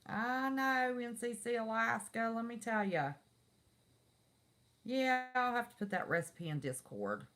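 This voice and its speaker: A woman's voice: on the high side, expressive, measured pace, fairly bright tone. A middle-aged woman, chatting folksily with viewers on her live stream. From West Virginia. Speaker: livestream host. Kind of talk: casual live-stream chat.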